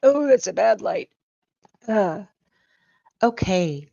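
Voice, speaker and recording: An older woman hosting a casual chat, relaxed and rambling with frequent ums. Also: mid-range voice, slow pace, vocal fry. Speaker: host. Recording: dull lo-fi audio.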